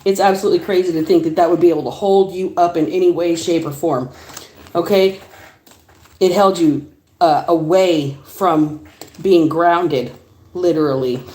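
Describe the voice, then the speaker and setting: A woman giving a casual livestream tarot reading, chatty and animated, laughing often and swearing casually. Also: fairly low pitch, a little slow. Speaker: tarot reader. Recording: roomy echo.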